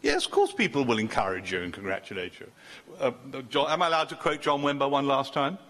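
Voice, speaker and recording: An older man delivers a sermon in a bright, ringing voice. He talks loosely and conversationally, starting sentences over and joking with the people in front of him. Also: medium pitch, big pitch swings, fast. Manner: chatty, self-interrupting, joking with the congregation. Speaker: preacher.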